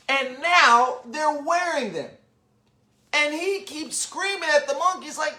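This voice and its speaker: A man reading a children's storybook aloud online, with animated, chatty asides to young listeners. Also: extremely high pitch, slow. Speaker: children's book reader, literacy founder. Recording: roomy echo.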